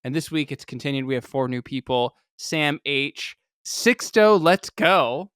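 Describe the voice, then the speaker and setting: Smooth-voiced joking podcast co-host man. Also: mid-range voice, steady tone, fairly bright tone, no echo, clean studio sound. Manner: playful, drawn-out joking delivery. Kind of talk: casual sports podcast chat.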